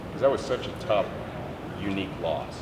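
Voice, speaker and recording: A man, a reporter, asking questions in measured, reflective phrasing. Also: deep voice, expressive, recorded from a distance. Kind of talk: press question. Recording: echoey, off-mic, street noise.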